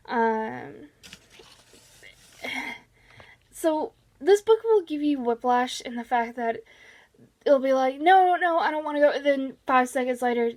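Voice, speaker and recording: A woman with a high voice talks through a book review at an easy, unhurried pace. She is chatty and informal, with lots of "um"s and restarts. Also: darkish tone. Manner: chatty, many fillers and restarts. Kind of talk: casual book review vlog.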